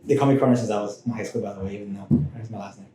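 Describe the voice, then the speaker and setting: Man, podcast guest, loose rambling storyteller, warm dark tone, echoey room. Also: lowish voice, steady tone, very fast. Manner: rambling, with frequent restarts and asides. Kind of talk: casual personal storytelling. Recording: roomy echoing room.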